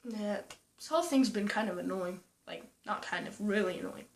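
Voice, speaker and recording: A young woman vlogging casually, retelling a story with lots of "like" and quoting people in a higher voice. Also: normal speed, a little hiss or hum. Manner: chatty, full of "like" and "I'm like", quoting others in a higher voice.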